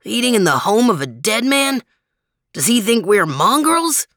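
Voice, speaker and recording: A woman's voice: fairly high pitch, sing-song, a little slow, a bit bright, no room sound, clean studio sound, pitched above the performer's own voice. A woman doing a haughty French-flavored dog. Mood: disdainful. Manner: haughty, dramatic, sprinkles French words. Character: fussy male dog with French flair.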